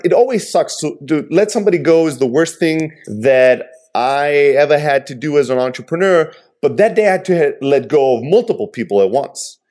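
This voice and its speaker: A man's voice: on the high side, darkish tone. A man, an entrepreneur, speaking earnestly and reflectively in casual conversation.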